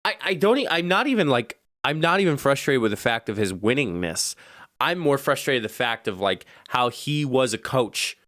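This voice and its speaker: A man's voice: mid-range voice, normal speed, no room sound, studio quality. A young man co-hosting a casual podcast chat, talking animatedly, getting worked up and laughing a lot. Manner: animated, gets heated and laughs often. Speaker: podcast co-host.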